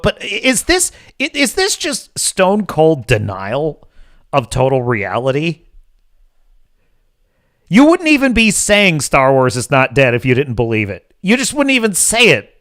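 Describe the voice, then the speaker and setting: A man hosting a livestream who comments in a mocking, sarcastic way. His voice sits a little high and swings widely in pitch. The tone is bright and forward. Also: smooth. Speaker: host.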